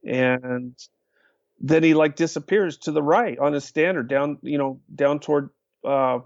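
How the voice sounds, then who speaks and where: A man's voice: a little high, a little slow, dry recording. An older man telling stories as a podcast guest, acting out quotes with lots of uh fillers. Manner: lively storyteller, acts out quotes, many uh fillers. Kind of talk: storytelling in a podcast interview. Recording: dull lo-fi sound.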